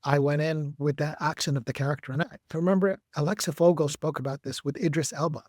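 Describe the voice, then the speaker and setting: A man, an actor and director, telling stories in a measured, reflective way as a podcast guest. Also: on the high side, fairly even intonation, a little mellow, no room sound, studio quality. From United States. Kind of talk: podcast interview.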